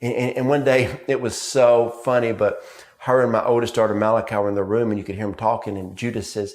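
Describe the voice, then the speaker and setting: A man's voice: on the low side, little pitch movement, a little fast, a little mellow. A man preaching a sermon, telling family stories with rhythmic, repeated emphasis. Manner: storytelling with family anecdotes.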